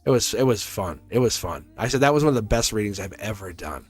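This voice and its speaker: A man hosting a live tarot stream, reading cards and telling a story in a chatty, animated way, laughing often and repeating himself. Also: lowish voice, quick pace, faint music behind. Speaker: tarot reader and livestream host.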